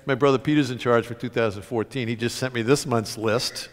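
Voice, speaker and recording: A middle-aged man speaks to an audience from a stage, his voice swinging up and down with lively pitch. He is animated and self-mocking, stumbling over restarts as he tells stories. A long concert-hall reverb trails each phrase. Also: brisk, few pauses. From United States. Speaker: author giving a talk. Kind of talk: public reading and storytelling talk.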